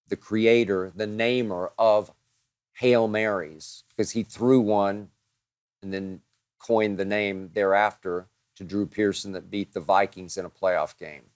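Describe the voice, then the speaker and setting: Slow, low-voiced emphatic male host. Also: fairly even intonation, dry recording. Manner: dramatic, piles up emphatic words. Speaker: show host answering listener questions. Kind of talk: emphatic monologue answering mailbag questions.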